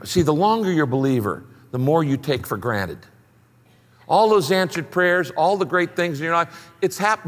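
A man preaching a sermon as pastor, telling stories with energy and leading a quiet prayer. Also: big-room sound. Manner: animated storytelling, drops low and soft in prayer.

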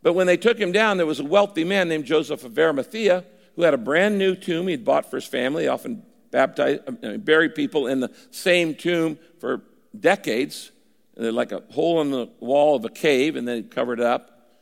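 Older guy pastor, chatty sermon, slightly high gravelly voice. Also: moderate pace, big-room sound. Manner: conversational preaching, voices imagined listeners.

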